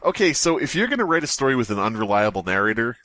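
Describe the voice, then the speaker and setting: A man co-hosting a comedy horror podcast, reading stories aloud and breaking off into jokey, profane asides. His pitch swings a lot as he talks. The sound is dry and close. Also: sing-song, fast talker, sharp tone, no echo. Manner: jokey, laughing, swearing asides. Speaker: podcast co-host. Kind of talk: casual comedic story reading.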